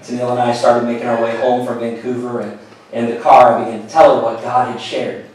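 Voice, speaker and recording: A middle-aged pastor telling a personal story in a sermon, earnest and storytelling, often falling to a hushed voice. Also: male voice, mid-range voice, flat delivery, a little fast. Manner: earnest storytelling, drops to a hushed voice at tender moments. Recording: echoey hall, mic at a distance.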